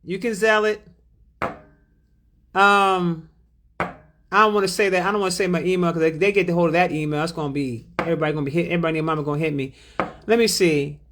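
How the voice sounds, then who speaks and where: A woman's voice: lowish voice, fairly even intonation, quick pace, fairly bright tone, slight background noise. Drawling woman thanking livestream viewers. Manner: drawling, affectionate, calls viewers baby and beloved. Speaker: spiritual healer hosting a livestream. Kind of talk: livestream chat, reading out viewer donations.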